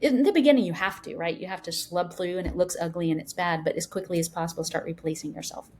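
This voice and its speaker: Animated woman in her fifties. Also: fairly low pitch, fast, a little hiss or hum. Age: 50s. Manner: animated storyteller, many fillers. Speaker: guest founder. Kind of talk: casual interview talk.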